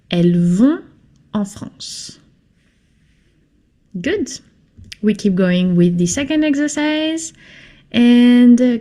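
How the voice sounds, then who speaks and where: Slow, patient woman teaching French. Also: mid-range voice, dark tone. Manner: slow, patient, repeats phrases for learners. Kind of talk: slow classroom lesson.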